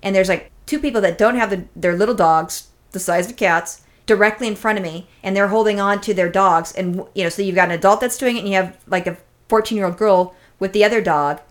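A woman of middle pitch tells a winding story on a podcast, cursing casually and slipping into quick impressions of the people she met. Her delivery is chatty and animated, full of restarts and asides. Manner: rambling, profane, animated storytelling with acted-out quotes. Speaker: podcast co-host.

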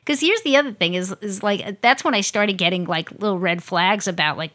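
Woman, bright voice, casual podcast chat, animated storytelling, quotes people in character. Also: mid-range voice, a little fast. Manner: animated, acts out other people's lines with laughs. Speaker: podcast co-host.

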